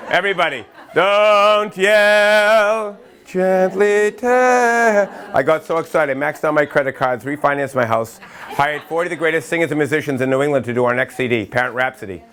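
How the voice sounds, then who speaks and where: Speaking to educators at a workshop, this middle-aged Massachusetts man delivers a high-energy training talk in a mid-range voice. His storytelling comes in rapid bursts with self-interruptions, and he acts out quotes and sometimes starts chanting.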